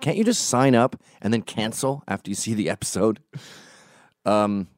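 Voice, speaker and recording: A man's voice: on the low side, a little mellow, no room sound, clean studio sound. A man hosting a podcast, telling comic stories in a profane, ranting way. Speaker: podcast host. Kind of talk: casual comic storytelling.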